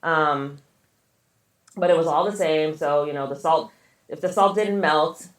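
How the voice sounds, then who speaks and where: A woman's voice: low-pitched, steady tone, measured pace, echoey room. A woman co-hosting a podcast, casually retelling a story with lots of fillers and swearing. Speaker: podcast co-host. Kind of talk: casual chat.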